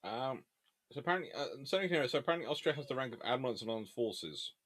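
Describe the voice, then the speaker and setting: A man's voice: medium pitch, lively intonation, fast, fairly bright tone. A man hosting a casual live question-and-answer session on naval history. He reads viewer questions aloud and answers them offhand while eating between remarks.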